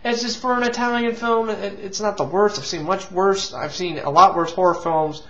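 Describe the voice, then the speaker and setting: A man's voice: sits high, fairly even intonation, normal speed, a bit bright. A man hosting a casual movie review, rambling with restarts and casual swearing. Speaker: movie reviewer and show host. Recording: lo-fi, dull sound.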